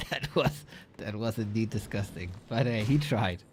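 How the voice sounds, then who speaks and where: A man's voice: lowish voice, a little slow, slight background noise. A man casting a competitive strategy game, casual and playful, bantering with his co-caster and laughing often. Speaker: esports caster.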